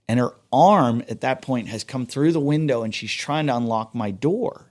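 A man's voice: medium pitch, normal speed, few pauses, a little mellow. Guy rambling through a story, swears a lot, jokes at his own expense. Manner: rambling, profane, self-mocking storyteller. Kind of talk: casual storytelling.

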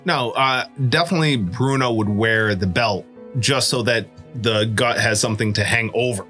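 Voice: medium pitch, moderate pace, a bit bright, faint music behind. A player in a casual tabletop game, rambling loosely with many fillers. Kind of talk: casual tabletop role-play banter.

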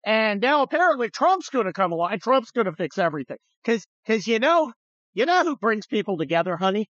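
A man's voice: sits high, sing-song, a little fast, a bit bright, dry recording, lo-fi sound. A man hosting a podcast, chatting bluntly and sarcastically about politics and swearing now and then. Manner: sarcastic, blunt, swears, slips into mocking voices. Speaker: podcast host. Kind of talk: casual political chat.

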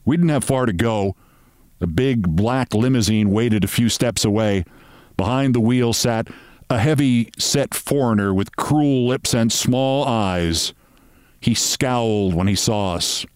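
A man reads a story aloud with wry, deliberate storytelling. His voice sits at a middle pitch for a man. The recording is dry and close, with no room sound. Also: a little mellow, clear, resonant tone, no echo. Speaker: host reading a story aloud. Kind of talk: storytelling narration.

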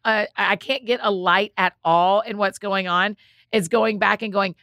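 An animated woman hosting a podcast, cheering on her guest with faith-filled encouragement. Her voice sits at a middling pitch and sounds close and dry, with no room around it. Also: unhurried, no room sound. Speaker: podcast host. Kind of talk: casual chat.

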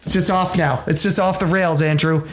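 A man's voice: fairly high pitch, fairly even intonation, moderate pace, a little hiss or hum. A man in his thirties hosting a podcast, ranting in a rambling, exasperated, profane way. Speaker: podcast host. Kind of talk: casual chat.

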